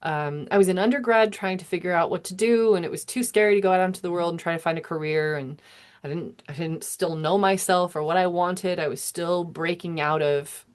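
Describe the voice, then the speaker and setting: Meandering woman astrologer, lowish voice. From United States. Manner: meandering, self-interrupting, chuckling. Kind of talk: casual musing monologue.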